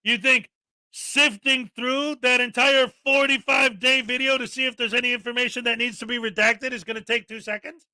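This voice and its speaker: A man hosting a commentary show, ranting sarcastically and often shouting in exasperation. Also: very high voice, dry recording, studio quality. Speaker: commentary channel host.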